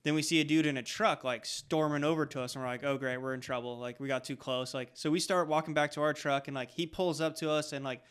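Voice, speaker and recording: Smooth, higher-voiced man telling a story. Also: fast, few pauses. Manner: animated storyteller, acts out what people said. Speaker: podcast guest. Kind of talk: casual chat.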